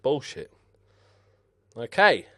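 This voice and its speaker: An excitable young man talks his way through a football management game, swearing and shouting at his players. His voice swings widely in pitch, leaping up with every near miss. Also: extremely slow. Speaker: gaming commentator. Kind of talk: casual let's-play commentary.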